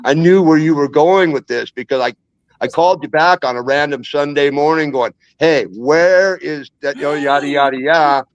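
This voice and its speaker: A man's voice: a little high, steady tone, fairly quick, dry recording. A man telling rambling, jokey stories in a casual chat as a guest. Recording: dull lo-fi dry sound.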